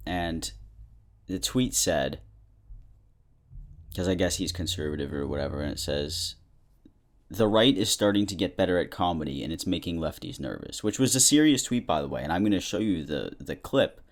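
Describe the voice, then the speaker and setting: A man's voice: sits low, lively intonation, moderate pace. A young man hosting a podcast, telling stories in a chatty, self-deprecating way and laughing often. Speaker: podcast host. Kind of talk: casual comedic monologue.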